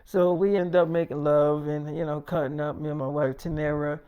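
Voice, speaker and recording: A man's voice: a little high, fairly even intonation, brisk, clean tone, narrow, tinny audio. Laid-back man telling a rambling story. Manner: loose, profane, laughing, lots of fillers. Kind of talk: casual storytelling monologue.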